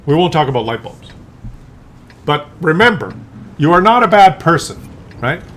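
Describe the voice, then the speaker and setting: A man's voice: on the high side, sing-song, normal speed, a bit bright, slight background noise. A man ranting in a rambling, profane monologue, full of fillers and restarts. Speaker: streamer.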